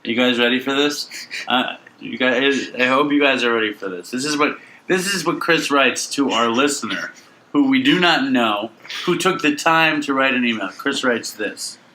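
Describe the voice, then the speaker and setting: Bright-voiced man cohosting a podcast. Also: medium pitch, moderate pace, poor audio. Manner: animated, teasing, mock-outraged. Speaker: podcast co-host. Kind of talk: casual comedic podcast banter.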